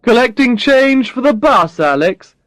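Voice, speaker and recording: Woman reading as a sarcastic, teasing boss, slow, lowered voice, dry close recording. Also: expressive, dry recording, low-quality recording. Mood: matter-of-fact. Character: teasing confident man, her boss.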